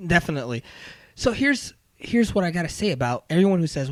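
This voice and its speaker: A man co-hosting a casual sports podcast, animated and acting out quotes as he talks. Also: a little high, brisk, no echo. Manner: animated, acts out quotes, trails off and restarts. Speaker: podcast co-host.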